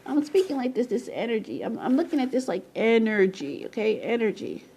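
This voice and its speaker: A woman talking casually to her camera, rambling, repeating words and breaking into loud laughing asides. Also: fairly high pitch, sing-song, brisk, slight background noise. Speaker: video presenter. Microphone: camera mic.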